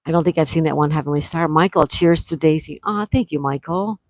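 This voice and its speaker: Chatty woman livestream host, lowish voice. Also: fairly quick, no room sound, rough recording. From Florida, USA. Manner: chatty, greets viewers by name, reads their comments aloud. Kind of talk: casual chat, reading live chat aloud.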